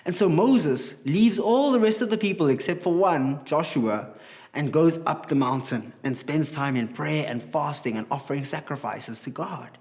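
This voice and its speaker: A man teaching a children's Bible class, telling the story in an animated, chatty way and asking the kids questions. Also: a little high, moderate pace.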